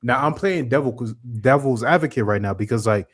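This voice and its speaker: An American man co-hosting a casual podcast at an ordinary middle pitch. He talks bluntly and rambles, with heavy profanity. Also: brisk. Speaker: podcast co-host.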